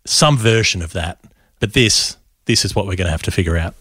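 A man's voice: low-pitched, expressive, a little fast, a bit bright, husky, no echo, studio quality. A man co-hosting a cricket podcast, talking in a playful, jokey, rambling way. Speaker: podcast co-host. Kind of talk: casual cricket chat.

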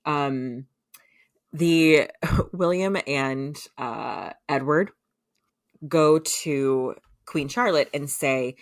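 A woman's voice: low voice, expressive, extremely slow, no echo, clean studio sound. A woman casually retelling a show's plot on a podcast, rambling with lots of filler words. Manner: rambling, filler-heavy, laughs through the telling. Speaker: podcast co-host recapping a show. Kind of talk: casual storytelling recap.

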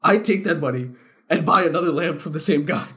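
Young man, casual podcast storyteller, animated and loud when riled, laughs a lot. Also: fairly high pitch, brisk, over a noisy crowd. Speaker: podcast co-host. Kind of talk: casual storytelling among friends.

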